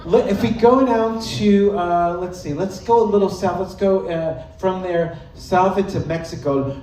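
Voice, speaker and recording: A man's voice: sits high, measured pace, hardly any pauses, dark tone, distant mic, a little hiss or hum. A man performing a live stand-up set on a club stage, playful and loose, slipping into mock regional accents. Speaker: stand-up comedian. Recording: roomy live club sound with music.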